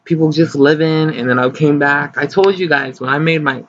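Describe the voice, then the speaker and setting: A man casually commenting as he plays a life-sim game, chatty, excitable and gossipy, recorded on slightly dull lo-fi audio. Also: a little high, normal speed, a little hiss or hum. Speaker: gaming channel host. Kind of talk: casual let's play commentary.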